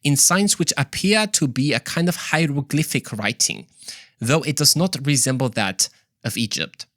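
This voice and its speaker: A man's voice: on the high side, fairly bright tone, dry recording, studio quality, close to an everyday voice. A man putting on a mock German-accented explorer. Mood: earnest. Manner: halting mock-European reading. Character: Swiss male explorer, faux German accent.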